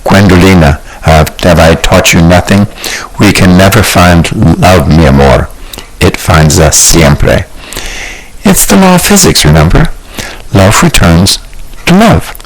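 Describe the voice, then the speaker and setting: A man reading an audiobook, voicing a warm, dramatic adult man friend, earnest and theatrical. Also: deep voice, big pitch swings, a little slow, exaggerated voice, low-quality recording. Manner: earnest, theatrical, sprinkles Spanish phrases. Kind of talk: audiobook character voice.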